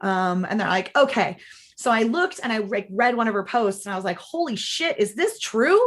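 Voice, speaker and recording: A woman's voice: medium pitch, fairly quick, a bit bright. Chatty woman acting out her own story. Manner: chatty, acts out quoted dialogue in changed voices, many "like" fillers. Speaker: interview guest. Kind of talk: casual storytelling in a podcast interview.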